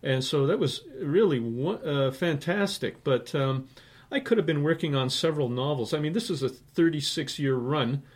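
A man in his sixties from Canada, talking as a guest, wanders through his memories full of fillers and chuckles. His voice sits fairly high for a man, and he tells his stories casually. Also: normal speed. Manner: rambling, many fillers, laughs at his own stories. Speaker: interview guest, writer and publisher. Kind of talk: casual anecdotal storytelling.

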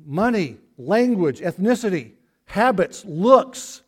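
A man's voice: sits high, sing-song, slow pace, husky. A middle-aged man from Arkansas with a Southern US accent, preaching a sermon in an earnest, storytelling way and often repeating words as he restarts. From Arkansas, USA. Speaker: pastor.

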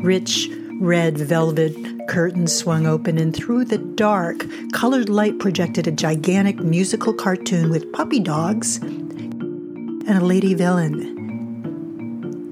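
A woman from the United States hosting a podcast, telling a scripted humorous story in a wry, self-mocking way. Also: deep voice. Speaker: podcast host.

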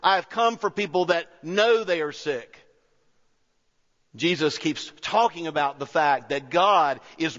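A man delivers a sermon with earnest, storytelling warmth, his voice sitting a little high. The sound is dull and lo-fi, carried by a long reverb from a large hall. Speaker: pastor.

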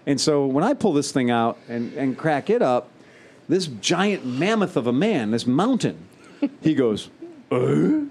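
A man casually telling a story, animated and profane, imitating engine noises as he goes. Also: medium pitch, a little slow, breathy edge.

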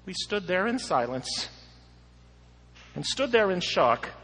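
A man reads a rhyming story aloud in a slow, measured, theatrical way. His voice is bright and slightly husky, and a long reverb hangs on every line as if he were in a large hall. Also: high voice. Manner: expressive and theatrical.

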